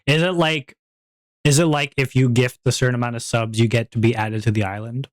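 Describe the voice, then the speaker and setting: A man streaming and chatting casually, rambling and breaking into high-pitched giggles. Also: steady tone, fairly quick, no echo, studio quality. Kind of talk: casual chat.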